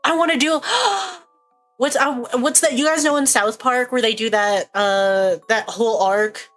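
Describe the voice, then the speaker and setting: A woman's voice: on the high side, steady tone, measured pace, a bit bright, faint music behind. A young woman streaming, chatting casually in a rambling, jokey way and laughing often.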